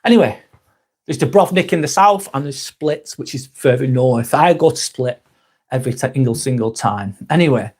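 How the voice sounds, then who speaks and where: A man's voice: medium pitch, lively intonation, normal speed, a little mellow. A man hosting a casual live stream, reading viewer comments aloud, calling people mate and standing firm with trolls.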